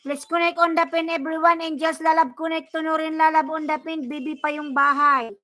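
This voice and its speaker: High bright Filipino-accented woman host. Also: steady tone, brisk. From Bicol, Philippines. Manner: mixes English and Tagalog, gives chatty shout-outs to viewers. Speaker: livestream host. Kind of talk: casual livestream chat, reading viewer comments.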